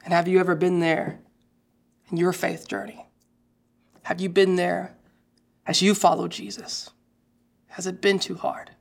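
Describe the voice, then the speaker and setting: Woman preaching a lively storytelling sermon. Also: medium pitch, creaky. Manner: lively storytelling with quoted voices.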